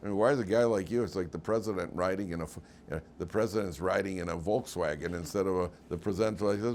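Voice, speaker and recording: A man's voice: low voice, quick pace, a little mellow, a little hiss or hum. A man teaching a weekly class as rabbi, speaking conversationally with humor and quizzing his students in a classroom. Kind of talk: informal lecture.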